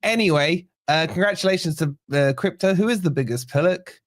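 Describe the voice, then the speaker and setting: A man's voice: on the high side, brisk, no room sound. Casting: male host, teasing, dry close sound on a call. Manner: teasing, runs the show and wraps up. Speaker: host of a fan channel show. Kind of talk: casual chat.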